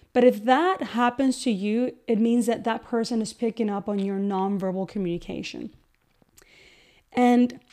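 Woman podcast host with a slightly high voice, earnest teaching manner, acts out examples. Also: a little mellow. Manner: earnest, repeats words for emphasis, acts out quoted examples. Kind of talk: educational podcast talk.

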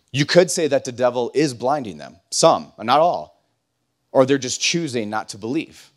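A young man giving a casual sermon as a pastor, chatty and self-deprecating, full of likes and restarts, at times building to loud, slow, emphatic preaching. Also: mid-range voice.

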